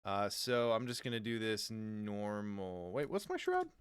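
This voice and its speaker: A man's voice: lowish voice, very animated, unhurried, clear, resonant tone, no echo, studio quality. A man hosting a card game podcast, joking and laughing as he talks through his moves. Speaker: podcast host. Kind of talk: casual tabletop game play on a podcast.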